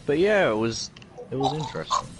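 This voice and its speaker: A man's voice: mid-range voice, very animated, brisk, over loud music. A man co-hosting a casual gaming stream, rambling through explanations with filler words. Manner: rambling explainer, says "heckin'". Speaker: streamer co-host.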